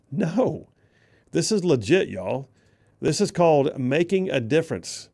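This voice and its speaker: A man's voice: on the high side, very animated, moderate pace, vocal fry, dark tone. A man hosting a talk radio show, delivering an emphatic, folksy monologue, repeating phrases for punch.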